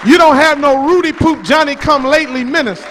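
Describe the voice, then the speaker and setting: High-voiced fiery male preacher. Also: fairly quick, a crowd in the background, background noise. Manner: preaching in rising bursts, shouting and questioning the audience. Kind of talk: fiery sermon with call-and-response.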